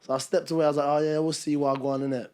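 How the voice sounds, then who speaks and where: Young male co-host, rapid, rambling storyteller who acts out quotes. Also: on the high side, little pitch movement, a little mellow, clear, resonant tone. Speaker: podcast co-host. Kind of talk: casual chat.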